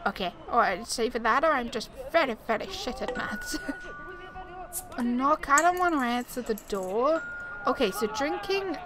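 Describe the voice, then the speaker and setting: Brief: woman gaming streamer, chatty and exclaiming, fairly high voice, loud game crowd behind. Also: animated, normal speed. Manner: chatty, exclaiming, talks to herself while playing. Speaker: gaming YouTuber. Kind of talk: casual let's-play commentary. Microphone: desktop USB mic.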